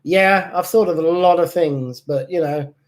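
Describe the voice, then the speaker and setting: A man's voice: a little high, a little slow. A middle-aged man hosting a casual live stream about model cars, joking and chuckling at himself. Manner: joking, chuckling, self-deprecating. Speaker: host of a model-car channel.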